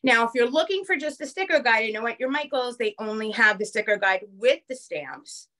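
A woman with a New York accent teaching a live online craft class over a phone camera, chatty and quick, checking in with the viewers often. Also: on the high side, bright, forceful tone. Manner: fast-talking, chatty, keeps checking in with "okay?". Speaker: craft instructor.

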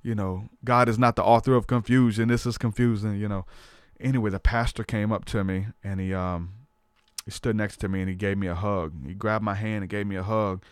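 A man's voice: on the low side, steady tone, a little fast, clear, resonant tone, dry recording. A man hosting a podcast, telling a personal faith testimony in casual talk, earnest and storytelling, often saying "man". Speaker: podcast host.

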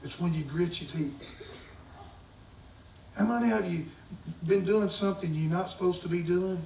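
A middle-aged man preaches with a high, gravelly voice, going from shouting to hushed, folksy asides. He is heard in an echoey church from a distance, with faint room noise. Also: normal speed. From United States. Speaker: pastor. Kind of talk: sermon. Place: church sanctuary. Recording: echoey church recorded from afar.

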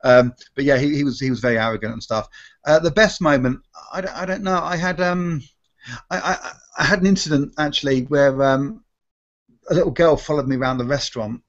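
A man's voice: a little high, fairly quick. Male performer, chatty storyteller who trips over his words; muffled stream sound. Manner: rambling, self-correcting, acts out quoted voices. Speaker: restaurant magician and comedy performer. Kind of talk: casual live Q&A storytelling. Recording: dull lo-fi stream audio.

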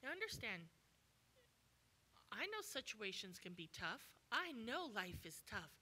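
A woman preaching a sermon as a guest speaker at a church, animated and acting out the voices of people in the story. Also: medium pitch, measured pace, breathy edge. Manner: animated, acts out voices in quoted dialogue.

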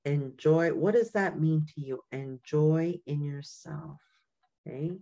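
Older woman from Canada, community elder, unhurried and low, muffled call audio. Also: vocal fry. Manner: warm storytelling, frequent "right?" and "you know". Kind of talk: informal teaching talk.

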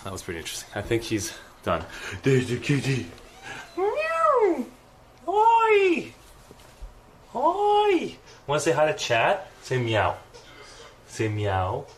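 Moving around a house indoors, through the kitchen and bathroom, a young man streams live and casually talks to his viewers, announcing new followers and subscribers. His voice sits on the low side, expressive and moderately paced, with slight background noise.

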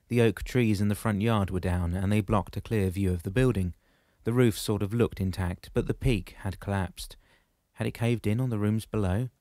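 A man reading a novel aloud in a steady, measured storytelling manner. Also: fairly low pitch, no room sound, clean studio sound. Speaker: audiobook narrator. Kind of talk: scripted narration.

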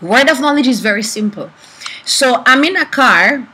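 A young woman prophetess teaching about prophecy through animated personal stories, acting out the people she quotes. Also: sits high, moderate pace, breathy edge, low-quality recording. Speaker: prophetess and preacher.

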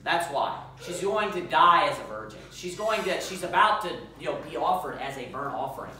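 A pastor with a somewhat high, sharp, animated voice speaks a little fast, reading scripture aloud and emphatically questioning his congregation. The recording comes from an echoey church sanctuary with a distant mic and slight background noise.

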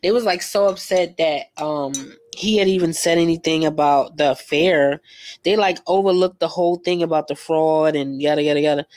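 A woman's voice: low-pitched, fairly quick. A young woman, chatting and gossiping casually while she paints live, slangy and laughing often. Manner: slangy, laughs a lot, animated storytelling. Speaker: art vlogger painting live.

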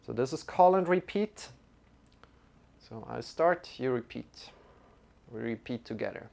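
A man guiding a yoga and mantra lesson, giving calm, unhurried instructions with some light joking. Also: medium pitch, gravelly, dull audio. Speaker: yoga teacher.

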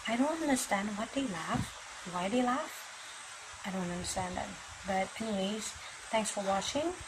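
A woman hosting a reaction video, chatting in a bemused way and talking straight to her viewers. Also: medium pitch. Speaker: reaction channel host. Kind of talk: casual reaction commentary. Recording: clear background noise.

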